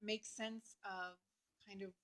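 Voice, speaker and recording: A woman vlogger talking earnestly and openly about her feelings, with many fillers and pauses. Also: mid-range voice, flat delivery, a bit bright, rough recording. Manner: earnest, heartfelt, talks through emotion with many fillers. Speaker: astrology vlogger. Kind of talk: personal reflective talk to camera.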